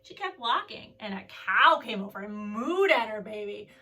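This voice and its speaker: Young woman doing kids yoga, playful storytelling, really lively voice. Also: a little high, normal speed. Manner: animated, playful, drops to soft calm voice for mantras. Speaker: kids' yoga teacher. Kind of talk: children's yoga class with storytelling. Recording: voice from a distance off the mic.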